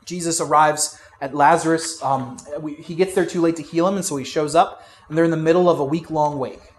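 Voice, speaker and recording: A man preaching a sermon in a conversational way, with fillers and restarts, going from loud emphasis to quiet asides. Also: fairly high pitch, steady tone, brisk. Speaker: pastor.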